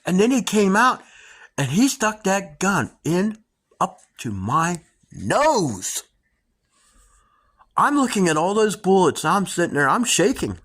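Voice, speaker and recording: A middle-aged woman host telling dramatic personal stories to her viewers in a casual, animated way. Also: lowish voice, slow, pauses often, slightly rough. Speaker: homestead channel host.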